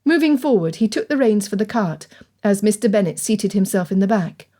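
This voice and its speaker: A woman narrating an audiobook in a steady, clear storytelling manner. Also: mid-range voice, fairly quick. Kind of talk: scripted narration.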